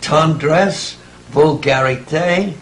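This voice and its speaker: A man's voice: fairly high pitch, slow, a little hiss or hum, rough recording. A man in his eighties, answering interview questions with reflective stories and chuckling asides. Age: 80s. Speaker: interviewee, writer. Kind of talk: conversational interview, storytelling.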